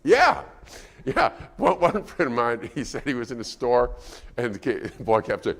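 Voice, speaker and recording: A man's voice: on the low side, expressive, brisk. A man preaching a sermon as guest speaker, conversational and asking the congregation questions. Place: church auditorium. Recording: reverberant church hall.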